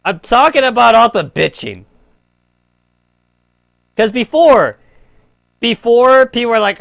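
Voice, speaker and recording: A man's voice: very high voice, very animated, takes it slowly, gravelly, pauses often, a bit bright, dry recording. A young man streaming a game, rambling in crude casual chat full of filler "like". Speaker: gaming streamer.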